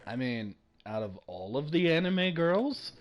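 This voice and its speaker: Excitable male streamer, slightly high-pitched, giggly rambling chat. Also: measured pace, lo-fi sound, faint music behind. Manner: excitable, laughs often, rambling. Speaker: streamer host. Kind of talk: casual chat while gaming.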